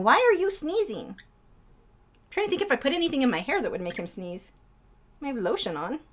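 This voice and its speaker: A young woman talking casually to her live-stream viewers, with a slightly high voice. She rambles from topic to topic, full of fillers and asides. Now and then she turns to her pet birds in a cooing voice. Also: a bit bright. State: out of breath.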